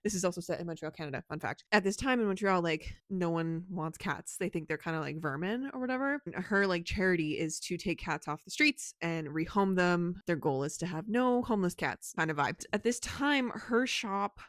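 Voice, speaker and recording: A woman chatting casually about books in a home vlog, talkative and quick to laugh. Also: fairly low pitch, no echo. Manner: chatty, laughs often, frequent "like". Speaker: book vlogger. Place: home, on the couch.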